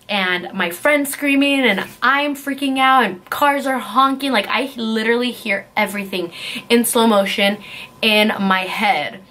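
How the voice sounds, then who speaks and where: A young woman vlogger tells a storytime tale in a rushed, breathless ramble packed with fillers. Her voice is bright and forward, pitched in the middle of a woman's range. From California. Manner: fast, breathless retelling with many fillers. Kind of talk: casual storytime.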